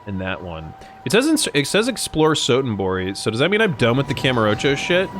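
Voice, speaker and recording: Lively, joking man streaming a game. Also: medium pitch, fairly quick, faint music behind. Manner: rambling, jokey and profane. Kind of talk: casual gameplay commentary.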